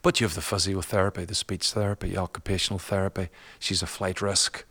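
A man's voice: sits low, level tone, fairly quick, sharp tone. A man, a guest and father, telling a personal story in a chatty, colloquial way, laughing often.

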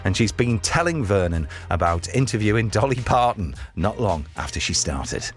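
A man's voice: lowish voice, very animated, normal speed. A man hosting a radio show, talking in a chatty, enthusiastic way with plenty of fillers. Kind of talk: lively radio presenting.

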